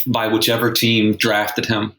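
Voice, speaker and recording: A man's voice: fairly low pitch, completely flat delivery, measured pace, fairly bright tone. Wry rambling man in a roomy room. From San Antonio, Texas. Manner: wry, rambling with many restarts. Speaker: sportswriter podcast co-host. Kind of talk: casual sports discussion. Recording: roomy echo.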